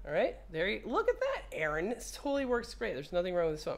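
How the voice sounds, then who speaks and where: Speaking a little fast, this woman's low voice swings hugely in pitch as she demonstrates a repair for viewers. She keeps it casual and playful, talking to the phone and swearing whenever she gets frustrated.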